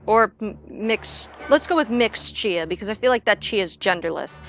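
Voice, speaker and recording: A woman's voice: medium pitch, expressive, moderate pace, a bit bright, soft background music. A young woman chatting casually on a gaming livestream, rambling and joking with frequent swearing. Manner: rambling, jokey, swears freely. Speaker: streamer.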